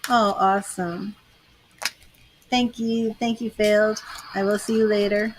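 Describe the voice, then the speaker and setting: A woman's voice: mid-range voice, level tone, measured pace, slight background noise, low-quality recording. An older woman giving tarot readings on a live stream, chatting with viewers by name. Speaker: tarot reader.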